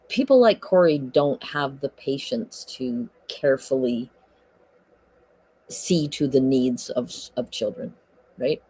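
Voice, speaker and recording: Man, unhurried drawl, hesitant, cynical, lots of ums, dry close sound. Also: fairly high pitch, darkish tone, dry recording. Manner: hesitant, cynical, many ums and self-corrections. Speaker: livestream commentator. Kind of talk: casual commentary.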